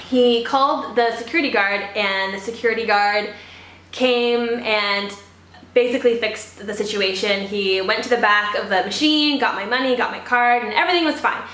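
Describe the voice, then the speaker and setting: A woman's voice: a little high, moderate pace, bright, forceful tone, reverberant. Chatty young Canadian woman vlogger. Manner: chatty storytelling with lots of "like". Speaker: beauty vlogger. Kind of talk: get-ready-with-me makeup chat.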